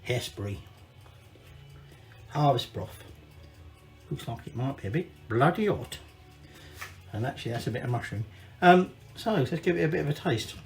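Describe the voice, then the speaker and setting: A man's voice: mid-range voice, expressive, normal speed, creaky, soft background music. A Scottish man hosting a casual cooking video, rambling and swearing cheerfully as he talks through a recipe in his home kitchen. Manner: chatty, rambling, sweary asides. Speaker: cooking channel host. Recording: echoey room.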